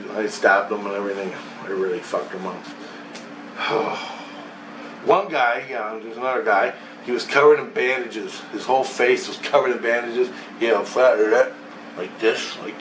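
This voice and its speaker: A man's voice: mid-range voice, a bit bright. Profane rambling man, echoey room. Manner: profane, rambling, laughing between phrases. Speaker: vlogger recounting a dream. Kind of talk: rambling storytelling monologue. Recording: roomy echo, far from mic, faint hiss.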